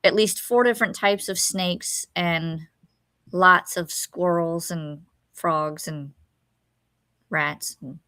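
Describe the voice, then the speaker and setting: Woman co-host from Florida, slow relaxed chat, dry close sound. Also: lowish voice, no echo. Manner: unhurried, rambling. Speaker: co-host of a writing sprint stream. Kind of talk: casual chat. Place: home.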